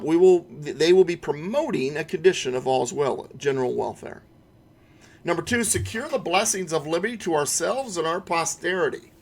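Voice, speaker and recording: A middle-aged man teaching an online constitution class, stressing key words and asking rhetorical questions. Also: a little high. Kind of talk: online lesson lecture.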